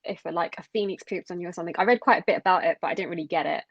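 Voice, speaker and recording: A woman's voice: fairly low pitch, rapid-fire, no room sound. Young woman co-host, casual and hesitant, dry and slightly dull recording. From Sri Lanka. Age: young adult. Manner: chatty, hesitant with many fillers. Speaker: podcast co-host. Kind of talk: casual chat.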